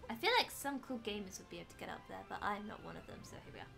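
A woman's voice: medium pitch, animated, racing, gravelly. A young British woman chatting playfully while streaming a game, exclaiming as she plays. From Britain. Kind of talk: casual gaming stream chat. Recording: faint background music.

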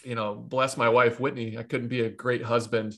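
A man from Ohio in his thirties talks as an interview guest, rambling through baseball stories. He restarts and circles back often. His voice sits at an ordinary pitch. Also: level tone, normal speed, fairly bright tone. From Ohio, USA. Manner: rambling, with frequent restarts and asides. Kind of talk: casual interview storytelling.

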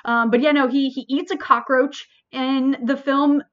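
A woman librarian hosting a casual review chat, animated and full of fillers like "like" and "um". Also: high-pitched, a little slow, dull audio. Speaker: librarian podcast host.

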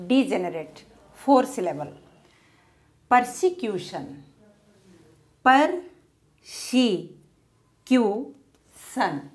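A woman teaching pronunciation, saying each word slowly and repeating it while she breaks it into syllables. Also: on the high side. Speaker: English teacher. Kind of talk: slow word-by-word pronunciation lesson.

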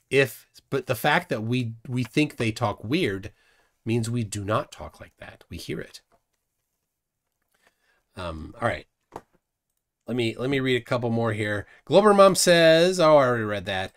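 A man from Minnesota co-hosting a casual livestream aftershow, reading viewer comments aloud with halting restarts. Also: mid-range voice, animated. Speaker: show co-host.

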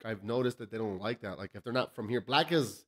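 A man's voice: on the low side, fairly quick. A man from El Paso hosting a loose, profane podcast chat, telling stories and laughing often. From South Side El Paso, Texas. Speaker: podcast host. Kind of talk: casual chat.

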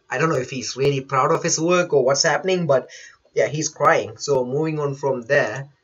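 A man's voice: a little high, a bit bright, slightly rough, lo-fi sound. A man who is not a native English speaker, chatting through a manga chapter live, reading panels aloud and laughing often. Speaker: manga reaction host. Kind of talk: live reaction commentary.

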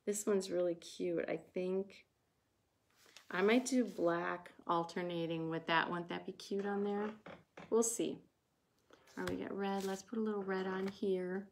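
A woman's voice: mid-range voice, steady tone, unhurried, a little hiss or hum. A woman with a Wisconsin accent hosting a casual livestream, chatting with viewers while she paints. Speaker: craft livestream host. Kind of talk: casual livestream craft chat.

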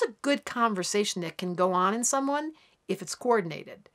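A woman astrologer giving a daily horoscope in a chatty, animated way, acting out voices for the planets now and then. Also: mid-range voice, fast talker. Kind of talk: daily horoscope talk to camera.

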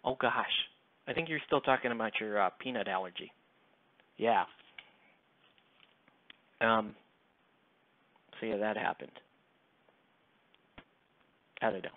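A man's voice: fairly low pitch, measured pace, long pauses. A man live streaming while he paints miniatures, chatting casually and rambling with many fillers into a headset mic. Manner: rambling, self-deprecating, lots of fillers. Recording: tinny phone-like sound.

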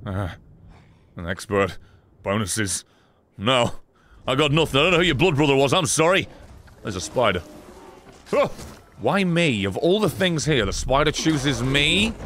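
A man giving sarcastic, excitable let's-play commentary, swearing often and talking back to characters in the game. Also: medium pitch, unhurried, pauses often, slight background noise. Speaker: gaming streamer.

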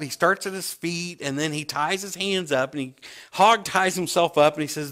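A man's voice: a little high, moderate pace, fairly bright tone. A man, a pastor preaching a sermon and acting out scripture scenes with big swings in his voice.

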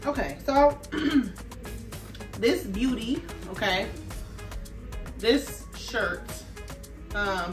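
A woman's voice: a little high, distant mic. A woman vlogger, chatting sassily and animatedly to her viewers during a fashion try-on haul. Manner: sassy, animated, talks straight to viewers with lots of "okay" and "y'all". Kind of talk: casual try-on haul chat. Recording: echoey room, voice off-mic, faint music.

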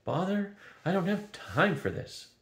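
An older man voicing a brisk, practical young princess who serves dragons, hurried and politely impatient in a storybook reading. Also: high-pitched, big pitch swings, pitched above the performer's own voice, exaggerated voice. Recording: roomy echo.

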